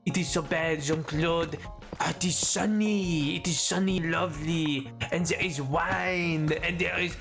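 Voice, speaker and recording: A man's voice: fairly high pitch, fairly even intonation, measured pace, gravelly, a bit bright, faint music behind. A man voicing a lazy, pompous exiled French emperor in an intentionally bad French accent, mock-dramatic and languid. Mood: mock despair.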